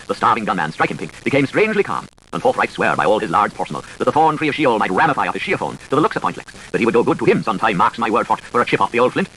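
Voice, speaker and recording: A man reading dense literary prose aloud in a rapid, sing-song delivery. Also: mid-range voice, bright, forceful tone, a little hiss or hum, low-quality recording. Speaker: reader.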